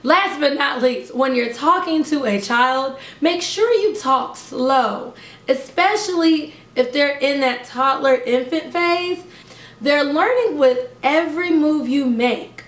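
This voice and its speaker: A young woman who teaches preschool speaks to parents in a high, bright voice. She talks slowly and over-enunciates each word, keeping the tone upbeat. The sound carries a roomy echo. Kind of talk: instructional talk to camera.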